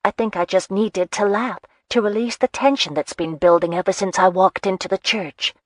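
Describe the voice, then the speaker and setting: A woman voicing a young, earnest marchioness in an audiobook, speaking briskly and earnestly. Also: mid-range voice, fairly even intonation, dry recording, studio quality, voice pushed up, lightly acted.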